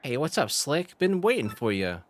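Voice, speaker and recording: A man's voice: medium pitch, sing-song, normal speed, a little hiss or hum, pitched above the performer's own voice, natural voice. A man voicing a cocky male ghost shapeshifter with a put-on Brooklyn accent, brash and swaggering.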